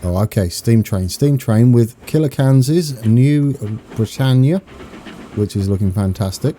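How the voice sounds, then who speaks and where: Excitable British man streaming a game. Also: mid-range voice, measured pace, faint music behind. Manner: excitable, chatty, talks to viewers. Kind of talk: live gameplay commentary.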